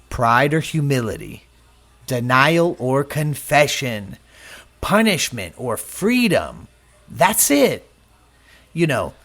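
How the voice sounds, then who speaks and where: A male preacher delivering a sermon with a lively, swinging pitch. He tells his own story and slips into the voices of the people he quotes. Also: gravelly. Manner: personal testimony, acts out quoted voices.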